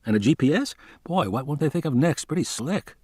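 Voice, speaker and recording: A man's voice: fairly high pitch, lively intonation, a little fast, darkish tone, breathy edge, no echo, studio quality, voice pushed up. A man voicing a talkative, placating biologist who explains at length. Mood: chatty.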